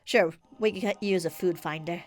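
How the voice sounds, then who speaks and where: A woman's voice: fairly low pitch, normal speed, darkish tone, faint music behind. A woman streaming a game, chatting casually with a stuffy nose, giggling and rambling through stories. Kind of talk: casual live-stream chat.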